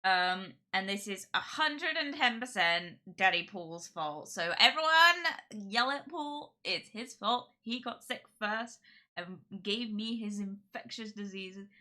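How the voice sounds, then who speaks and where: A young woman talks to her live-stream viewers through a heavy cold. Her voice is bright and sharp but blocked and nasal. She rambles loosely, padding her sentences with fillers. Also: lowish voice. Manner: chatty and rambling, lots of "like" and "um". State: sick with a cold, congested.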